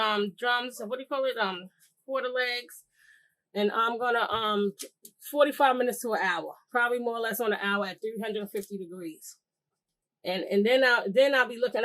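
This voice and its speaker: A woman's voice: on the high side, fairly bright tone, rough recording. A woman hosting a casual cooking tutorial, chatting loosely with her viewers and circling back on herself as she goes. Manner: chatty, talks to viewers as "y'all"; rambling with many fillers and restarts. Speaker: cooking channel host.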